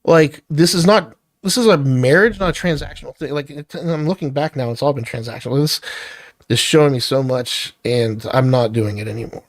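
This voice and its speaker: A man's voice: mid-range voice, a little fast, no echo. A middle-aged man ranting angrily to camera, heated and profane as he vents about family conflict. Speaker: vlogger. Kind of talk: angry personal rant to camera.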